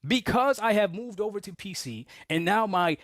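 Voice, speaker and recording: Lively, insistent man arguing gaming platforms. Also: sits high, moderate pace, dry recording, clean studio sound. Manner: insistent, lecturing. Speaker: video commentator. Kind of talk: argumentative commentary.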